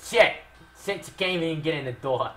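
A young man commentating his own gameplay with heavy swearing, shifting from low mutters to loud outbursts. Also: fast. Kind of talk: Let's Play commentary.

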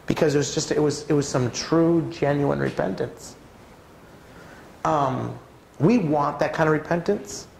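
A man giving a preaching talk at a church conference, telling personal stories in an animated way. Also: vocal fry, a little hiss or hum. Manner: animated, swings pitch widely while acting out stories. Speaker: conference speaker. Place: church auditorium. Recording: roomy church hall sound.

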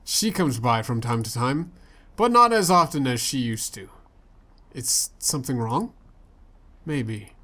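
A man's voice: mid-range voice, lively intonation, a little slow, long pauses, bright, forceful tone. A man playing a story game, reading its dialogue aloud in a playful way and switching voices for the characters. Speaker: let's play gamer.

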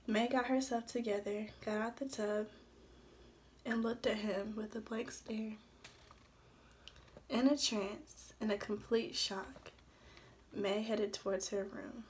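A woman's voice: medium pitch, fairly even intonation, measured pace, pauses often, darkish tone, slight background noise. A young adult woman, a student, reading her own story assignment aloud from the page with small stumbles.

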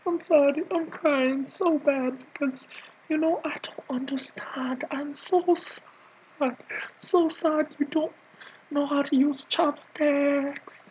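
Speaking slowly in a very high, level, slightly mellow put-on voice, a male video creator improvises as a bossy, scolding comic nanny who rambles, teases and whispers abruptly. The sound is lo-fi with slight background noise.

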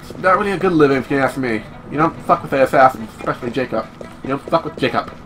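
A young man casually joking through a game playthrough, with sudden high yelps. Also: animated, fast, a bit bright, soft background music. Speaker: gameplay commentator. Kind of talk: casual let's-play commentary.

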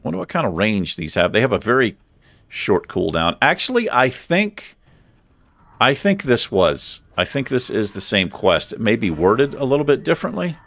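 A male gaming host with a gravelly, low voice that swings up and down a lot. He chats casually and thinks out loud, poking fun at himself as he plays. The sound is close and dry. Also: big pitch swings, moderate pace, no echo. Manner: chatty, thinks aloud, self-deprecating. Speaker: let's play host. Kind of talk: casual gameplay commentary.

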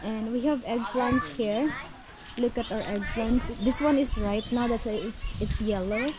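A woman's voice: fairly high pitch, measured pace. A young woman with a Filipino accent, chatting upbeat to viewers as she tours her mountain farm on a handheld phone. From Philippines. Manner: chatty, upbeat, often addresses viewers as guys. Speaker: vlogger. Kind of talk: casual vlog tour. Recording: noisy outdoor phone recording.

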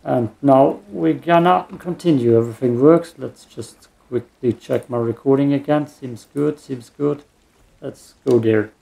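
Guy rambling through a game, slow, mellow low tone, trails off a lot. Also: creaky. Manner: meandering, mumbled asides. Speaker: gaming streamer. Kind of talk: let's play commentary.

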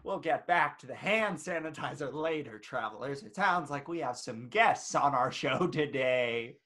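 A man playing a filthy, manic male rat who hosts a game show, with hammy, crude delivery and shouted cackling lines in a comedic stage play. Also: medium pitch, animated, moderate pace. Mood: sly.

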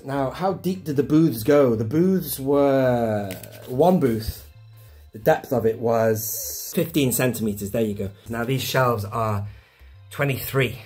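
An excitable, enthusiastic British man chatting casually in a home vlog, filmed indoors on a handheld camera with a gimbal. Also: medium pitch. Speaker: toy collector vlogger. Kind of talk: casual show-and-tell vlog.

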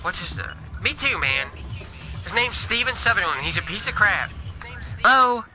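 A man's voice: high-pitched, sing-song, normal speed, pushed and bright. A man streaming gameplay, talking in a whiny, folksy way with frantic exclamations. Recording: noisy game voice chat.

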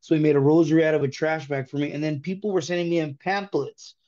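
Earnest man with a dark voice. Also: on the high side, steady tone, dull audio. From California. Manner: earnest, halting, restarts often. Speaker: guest telling his conversion story. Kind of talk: candid personal testimony.

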